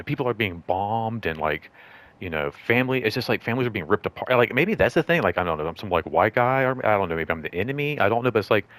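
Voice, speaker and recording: A man's voice: on the low side, a bit bright. A man hosting his own show, telling a long story from work in a rambling casual way, full of "like" and restarts, and acting out both sides of the conversations. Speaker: show host.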